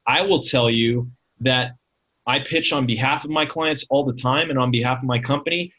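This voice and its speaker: A man, a talent manager, giving casual advice on pitching in a webinar over a video call, talking conversationally with many fillers and rhetorical questions. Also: a bit bright, poor audio. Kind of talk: casual instructional talk.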